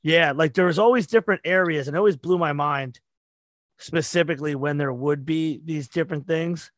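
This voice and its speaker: A man with a slightly high voice hosts a podcast, recorded dry and close. He asks loose, rambling questions packed with fillers. He swears now and then. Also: fairly quick, no room sound. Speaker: host. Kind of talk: casual podcast interview.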